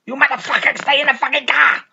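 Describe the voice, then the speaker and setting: A crazed gangster woman shrieks foul-mouthed orders, her voice jumping way up high and blaring loud, as a man puts her on. The sound is a little dull and lo-fi. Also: moderate pace, gravelly, slight background noise, exaggerated voice. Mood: furious. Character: unhinged female gangster, shrill and screaming.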